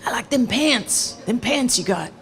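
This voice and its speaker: A woman voicing a raspy older man who needles someone with repeated remarks. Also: on the high side, lively intonation, unhurried, fairly bright tone. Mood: teasing.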